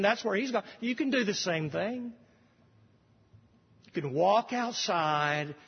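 A man preaching a sermon at a deliberate, unhurried pace, leaning hard on repeated phrases. His voice sits a little high and sounds husky. The recording is dull and lo-fi, with a long reverb trailing off the walls of a large hall. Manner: slow, emphatic preaching with repetitions and rising bursts of emphasis. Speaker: pastor.

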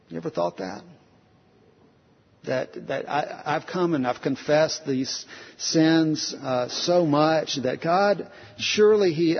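A man's voice: fairly high pitch, gravelly, slightly rough. A male pastor preaching a conversational sermon, earnest, repeating phrases and restarting sentences, with many rhetorical questions. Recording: dull lo-fi sound with long hall reverb.

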